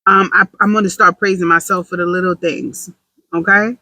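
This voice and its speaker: A woman's voice: lowish voice, steady tone, moderate pace, bright, forceful tone, no echo, rough recording. Woman, vlogger, confessional chat, self-deprecating, rambling, dry close sound. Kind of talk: casual confessional vlog.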